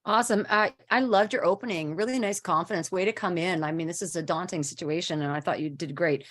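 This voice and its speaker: A woman's voice: lowish voice, fast. A woman judging a voice-over contest, giving enthusiastic, encouraging feedback. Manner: warm, enthusiastic praise. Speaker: judge. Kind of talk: encouraging critique.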